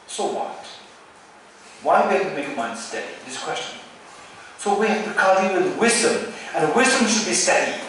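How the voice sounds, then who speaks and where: A man's voice: high-pitched, lively intonation, normal speed, a bit bright. A man with a Tibetan accent giving a Buddhist Dharma teaching, repeating words and asking "right?" as he goes. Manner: repetitive, rhetorical questions with "right?". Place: retreat teaching hall. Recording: very echoey hall, distant mic, faint noise.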